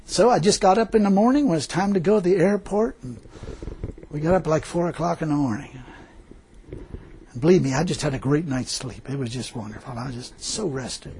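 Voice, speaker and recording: A man's voice: fairly high pitch, fairly quick, darkish tone, low-quality recording. A man preaching a folksy testimony sermon, telling his story casually and chuckling often as he goes. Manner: casual colloquial speech.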